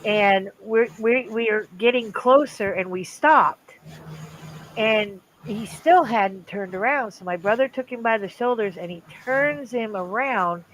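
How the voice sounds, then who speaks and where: An older woman tells a family story in a relaxed, chatty way. She swings into the voices of the people in her story, rising high and loud for the big moments. There is a faint hiss of noise behind her. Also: measured pace, poor audio. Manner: animated, acts out quoted voices. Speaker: livestream host. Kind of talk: casual storytelling.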